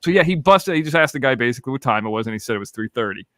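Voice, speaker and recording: A man's voice: mid-range voice, animated, very fast, pushed and bright, dry recording, studio quality. Laid-back, profane man from Florida. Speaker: podcast host. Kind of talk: casual storytelling chat.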